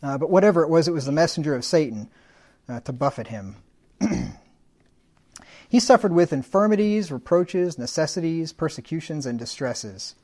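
A man's voice: a little high, big pitch swings, moderate pace, a little mellow. A man preaching a sermon in a conversational teaching manner, defining words and adding folksy humorous asides.

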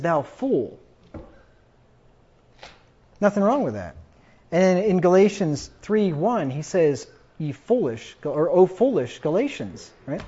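A man preaching a sermon, quoting scripture emphatically and getting louder on the quotes. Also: high voice. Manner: emphatic, rises loud when quoting scripture. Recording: dull lo-fi recording.

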